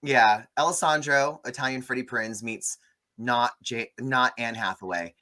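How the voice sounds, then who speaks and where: A man hosting a casual movie review chat, recapping the plot with sarcastic, animated asides. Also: mid-range voice, measured pace. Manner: sarcastic, animated storytelling with swearing. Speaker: podcast host reviewing a movie.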